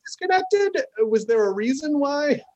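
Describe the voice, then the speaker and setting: A man's voice: extremely high pitch, big pitch swings, measured pace, a little mellow, dull audio. A middle-aged man hosting a podcast, chatting with enthusiasm, full of fillers and casual swearing.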